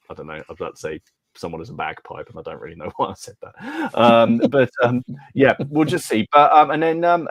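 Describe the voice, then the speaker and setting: A man co-hosting a hobby podcast, animated and quick to laugh, often restarting his sentences. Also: lowish voice, dry recording. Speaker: podcast co-host. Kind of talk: casual hobby podcast chat.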